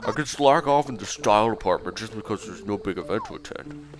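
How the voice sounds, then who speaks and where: A man's voice: lowish voice, expressive, fairly quick, close to an everyday voice. A man voicing a peppy, fashion-minded female bear villager from a video game, reading her lines in a bubbly singsong over game music. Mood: chirpy.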